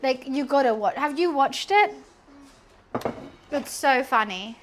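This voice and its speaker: A woman's voice: high voice, expressive, slow pace, music in the background. A young woman chatting casually while cleaning and cooking in her home kitchen, rambling and humming to herself. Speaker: streamer.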